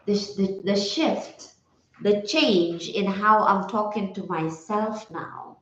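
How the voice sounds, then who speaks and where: A woman wellness coach talks slowly and reflectively, circling back to repeat her key phrases. Her voice sits at a middle pitch. The recording sounds roomy and slightly dull. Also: fairly bright tone. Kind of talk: casual motivational talk.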